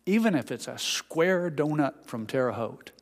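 A man's voice: on the high side, expressive, a little slow. Man preaching in a reverberant hall. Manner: storytelling, acts out voices of scripture figures; drops to a quiet hush for intimate lines, rises for emphasis. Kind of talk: sermon.

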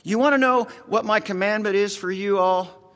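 In a large hall, a rural American man with a high, somewhat bright voice preaches at a moderate pace. His sermon is conversational, earnest and folksy, aimed directly at the congregation.

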